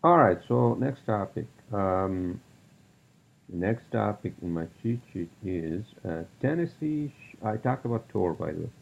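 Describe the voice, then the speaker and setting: Male podcast host, husky and gravelly, profane rambling monologue. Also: on the low side, expressive, unhurried, dull audio. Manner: profane ranting, rambling with many fillers.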